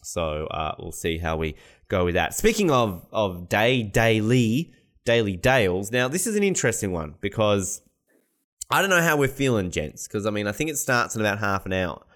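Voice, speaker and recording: A man's voice: lowish voice, big pitch swings, normal speed, fairly bright tone. A man hosting a casual sports podcast, joking and rambling, often laughing. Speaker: podcast host. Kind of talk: casual chat.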